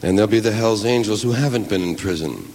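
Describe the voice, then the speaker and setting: A man doing a stand-up comedy routine, telling rambling, profane, animated stories. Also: lowish voice, quick pace, big-room sound.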